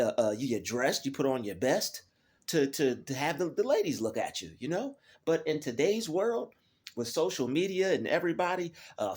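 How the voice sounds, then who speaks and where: A man hosting his own channel, talking casually and preachily to his viewers, often repeating words as he searches for them. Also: a little high. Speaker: YouTube channel host. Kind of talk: casual monologue to camera.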